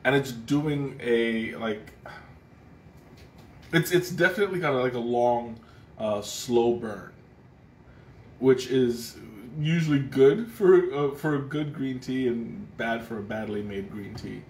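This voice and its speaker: Casting: easygoing male stream host, mid pitch, talks in loose rambling restarts, echoey room with faint hiss. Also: slow pace, darkish tone. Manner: rambling, thoughtful, frequent restarts and fillers. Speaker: livestream tea taster. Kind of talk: casual live tasting chat. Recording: roomy echo, faint background noise.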